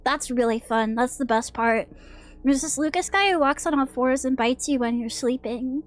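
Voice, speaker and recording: This is casual livestream commentary from a woman VTuber in a horror game, jumpy and sweary as she trades jokes with chat. She speaks at a normal speed in a high register, with a little hiss or hum in the background.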